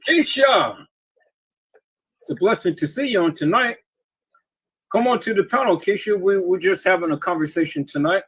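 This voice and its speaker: A man's voice: high voice, expressive, normal speed, long pauses, a bit bright, breathy edge, rough recording. A man hosting a casual live stream, telling joking stories and laughing often. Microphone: home streaming setup.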